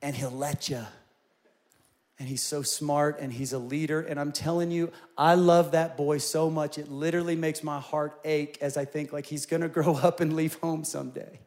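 A man in his forties preaching a sermon, telling personal stories in an animated way and rising to loud, emphatic peaks. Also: on the high side, moderate pace. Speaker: pastor.

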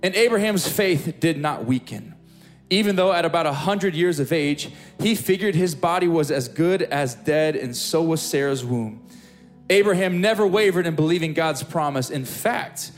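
A young man preaching a sermon as pastor, telling a story with lively, acted-out moments in front of a room. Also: normal speed, soft background music. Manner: animated storytelling, acting out scenes with big pitch jumps. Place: church hall with live audience.

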